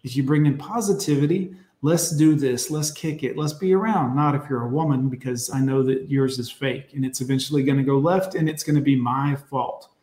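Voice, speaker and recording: A man's voice: medium pitch, a little fast, hardly any pauses, darkish tone, echoey room. A man hosting a live stream, reacting to clips and reading chat in a blunt, profane, preachy way. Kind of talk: casual live-stream commentary.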